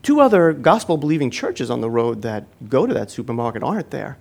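Here is the Lord as a calm, fatherly voice, put on by a preacher, probing with pointed questions that each end in a tag. It stays close to the preacher's own everyday voice, mid-pitched and unhurried. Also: creaky. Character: the Lord speaking gently to a man, probing and fatherly.

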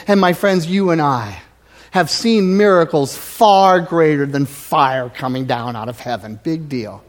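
A male pastor preaching a sermon in a church sanctuary, swinging from loud exhortation to near-whispers. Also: fairly high pitch, measured pace.

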